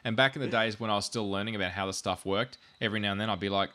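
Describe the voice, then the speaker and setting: A man's voice: on the low side, fairly even intonation, rapid-fire, few pauses, sharp tone. A man hosting a podcast, explaining technical gear in a rambling, self-deprecating way with jokey asides. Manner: wired, says he has had too much coffee. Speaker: podcast host explaining networking. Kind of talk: casual technical explainer chat.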